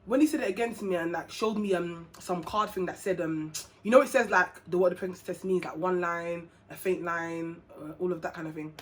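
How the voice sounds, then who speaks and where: A woman's voice: lowish voice, fairly quick, hardly any pauses. A young woman tells a personal story straight to camera. She is chatty and slangy, and she laughs and acts out the voices of the people in it. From England. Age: young adult. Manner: animated, slangy, laughs often, acts out dialogue. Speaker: vlogger. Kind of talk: casual storytelling.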